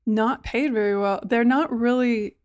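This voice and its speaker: A woman talking casually, animated and full of "like", acting out what she said to others. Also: measured pace, no echo, clean studio sound. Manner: animated, acts out quoted exchanges in a higher voice, frequent "like". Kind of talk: casual conversation.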